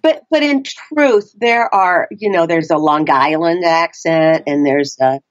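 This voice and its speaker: Animated Texan woman, lo-fi. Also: unhurried. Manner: animated, restarts often, frequent pitch swings. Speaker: audiobook narrator and guest. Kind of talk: casual interview chat.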